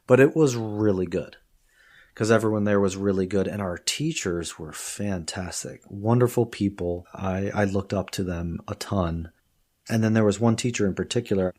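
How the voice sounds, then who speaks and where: A man, a professor of Chinese, telling stories in a conversational podcast interview, laughing often and acting out the people he quotes. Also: on the low side. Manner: lively storytelling, quotes people in put-on voices; laughs often while talking.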